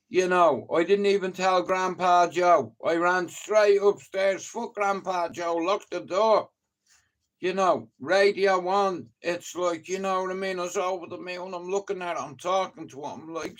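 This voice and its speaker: A man's voice: high-pitched, a little slow. A middle-aged man from Ireland with a Dublin accent, telling rambling, profane stories to a live stream audience, full of "you know". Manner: rambling, profane, lots of 'you know'. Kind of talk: casual anecdotal storytelling.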